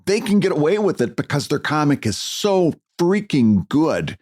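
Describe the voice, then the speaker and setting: A man's voice: on the high side, big pitch swings, normal speed, darkish tone. A man co-hosting a podcast in casual chat, blunt and emphatic, restarting his sentences often. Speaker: podcast co-host.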